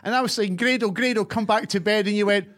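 A man's voice: high-pitched, steady tone, quick pace, a bit bright. A Scottish man hosting a casual chat, teasing his co-host and launching into rants. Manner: mocking, retelling with rants. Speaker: podcast host.

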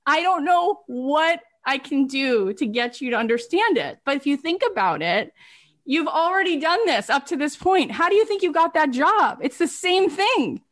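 A middle-aged woman coaching her students, her voice sitting a little high for a woman. She tells stories with lots of emphasis and animation, and she keeps repeating her points to drive them home. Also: moderate pace, a bit bright. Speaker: business coach. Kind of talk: coaching talk.

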